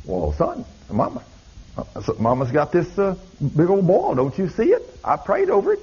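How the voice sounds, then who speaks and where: A man's voice: high-pitched, wildly swooping pitch, normal speed, husky, voice pushed up, heavily acted. A man voicing a fretful mother with a boil, in a pleading drawl. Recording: dull lo-fi recording.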